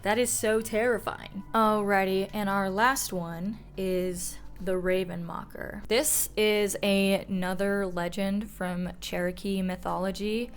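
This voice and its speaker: A woman's voice: mid-range voice, fairly even intonation, slow pace, few pauses, rough recording. A young woman telling folklore on her vlog in a loose, profane, self-mocking way. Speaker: folklore vlogger. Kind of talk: casual storytelling vlog.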